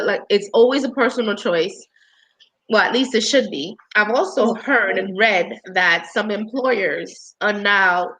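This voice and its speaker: A woman's voice: medium pitch, pushed and bright, rough recording. Conversational woman health worker, congested. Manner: conversational, with frequent restarts and fillers. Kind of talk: casual panel discussion.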